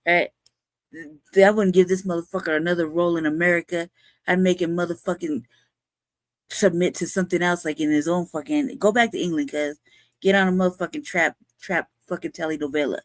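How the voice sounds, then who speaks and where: A man's voice: high voice, fairly even intonation, fairly quick, no room sound. A man co-hosts a commentary show, firing back agreement and swearing freely. The sound is close and dry. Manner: profane, heated, affirming. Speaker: co-host. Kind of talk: commentary podcast.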